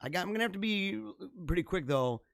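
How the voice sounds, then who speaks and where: Energetic slightly hoarse male host, higher-pitched. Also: fast talker, dry recording, studio quality. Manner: energetic, rambling and chatty. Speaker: podcast host. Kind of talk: casual livestream sign-off.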